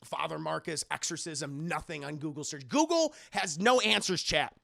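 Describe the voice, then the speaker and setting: A man recapping a TV episode on a live stream in a casual, animated, profane way, often addressing his chat. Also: on the high side, moderate pace, creaky, dry recording, studio quality. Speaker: streamer and TV reviewer.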